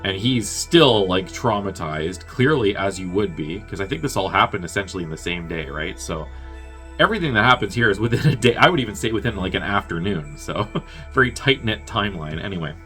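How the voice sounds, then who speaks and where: Bright, forceful man recapping a movie. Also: sits low, animated, brisk, faint music behind. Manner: rambling, profane, with chuckling asides. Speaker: movie reviewer. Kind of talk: casual plot recap.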